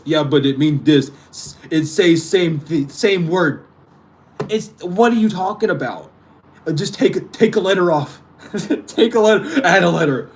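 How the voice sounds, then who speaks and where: Young male host, profane casual rant, lively swooping voice, slightly high. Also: moderate pace. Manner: exasperated, profane, laughing often. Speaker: spiritual channel host. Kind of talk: casual ranting monologue.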